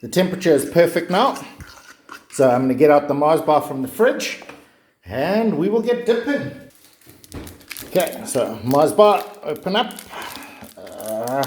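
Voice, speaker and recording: A man's voice: fairly high pitch, a little mellow, roomy sound, a little hiss or hum. A man giving a chatty, joking cooking demonstration. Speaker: cooking vlogger.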